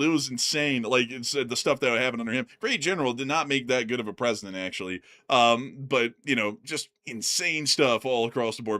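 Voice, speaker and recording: A man's voice: medium pitch, pushed and bright. An American man co-hosting a channel, chatting casually and rambling with lots of "like" and "man" between laughs. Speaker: co-host of a news commentary channel. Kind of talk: casual chat.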